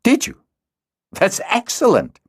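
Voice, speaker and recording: A man plays a keen dragonrider in a fantasy audiobook, fervent and emphatic. His voice leaps high and swings lively. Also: takes it slowly, breathy edge, no room sound, studio quality, heavily acted. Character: eager male dragonrider, fierce and upbeat. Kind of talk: audiobook character voice.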